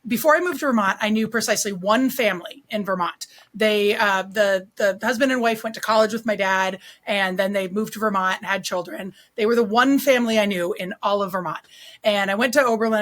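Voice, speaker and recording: A young woman from California who co-hosts a podcast and tells lively stories with frequent laughter. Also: mid-range voice, a little fast. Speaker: co-host, hot sauce maker. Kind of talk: casual podcast chat.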